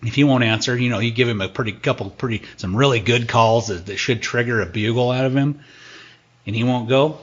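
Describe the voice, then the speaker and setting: A man talking casually as a guest hunting expert on a podcast, animated and fond of acting out what the animals would say. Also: medium pitch, brisk, breathy edge, highs cut off.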